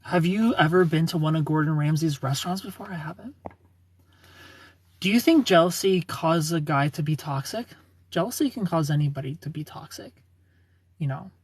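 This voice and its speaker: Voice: mid-range voice, normal speed, darkish tone, slightly rough, dry recording. A livestreamer in their thirties answering chat comments in a chatty, opinionated way and laughing often. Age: 30s.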